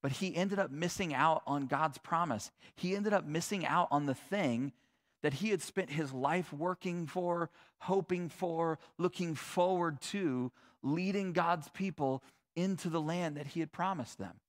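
Animated, conversational male pastor. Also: fairly high pitch, unhurried. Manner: conversational and animated, with casual asides. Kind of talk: sermon.

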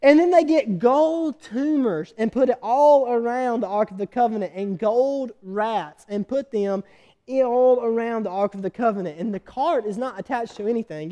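A man with a high voice preaches a sermon, retelling a scripture story with animated energy and quizzing his listeners.

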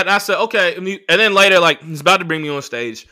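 A man's voice: sits high, quick pace, bright, forceful tone. A man, hosting a podcast and telling a story in a casual, profane rant, acting out the people he quotes. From United States. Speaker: podcast host and comedian.

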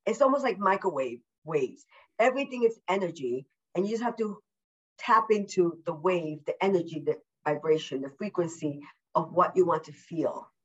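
A woman as a podcast guest, talking in an effusive, upbeat way, repeating words for emphasis and deliberately slowing her speech. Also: lowish voice, lively intonation, breathy edge, dull audio. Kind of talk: casual interview chat. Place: at home.

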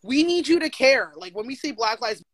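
A young adult interviewee in casual conversation, talking emphatically with lots of "like" fillers and quick laughs. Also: sits high, very animated, fairly bright tone, slight background noise.

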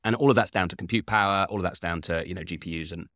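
A man's voice: low voice, very fast, fairly bright tone, no room sound, studio quality. A man, a company founder, answering interview questions at length, laying out his points in order with frequent fillers. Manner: methodical, lays points out in numbered order; frequent "uh" and "you know" fillers.

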